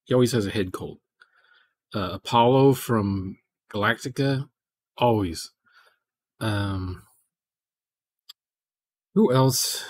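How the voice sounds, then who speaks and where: On a programming livestream, a man rambles through casual chat and mutters asides to himself while he codes. His voice sits at a medium pitch with a darkish tone, recorded dry.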